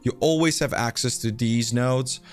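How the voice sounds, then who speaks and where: A man's voice: medium pitch, moderate pace, faint music behind. A man casually walking through a game character build, rambling with fillers and self-deprecating asides. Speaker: game build guide host. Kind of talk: casual gameplay guide commentary.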